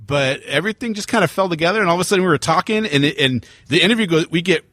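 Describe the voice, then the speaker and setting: A man co-hosting a podcast, chatting in an excitable, jokey and crude way. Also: a little high, rapid-fire, no echo, studio quality. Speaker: podcast co-host. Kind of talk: casual podcast chat.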